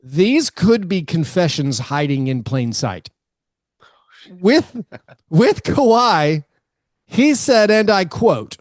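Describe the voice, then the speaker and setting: Guy cohosting a sports pod, kinda high voice, jokey, laughs a lot, dry close mic. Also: sing-song, slow, dry recording. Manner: joking, laughs often, riffs on quotes. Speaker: podcast co-host. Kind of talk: casual sports chat.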